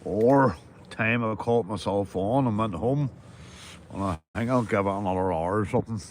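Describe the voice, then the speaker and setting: Slight background noise sits behind a lowish male voice moving at a moderate pace. He's a Northern Irish angler streaming live as he fishes, joking around easily with viewers, swearing plenty and calling everybody mate.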